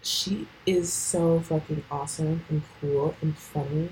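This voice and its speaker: Teen girl rambling on her solo podcast, lotsa "like" and swearing, kinda low voice, faint hum behind. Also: fairly even intonation, unhurried, dark tone, poor audio. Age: late teens. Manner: rambling, filler-heavy, swears casually. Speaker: podcast host. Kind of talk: casual solo podcast chat.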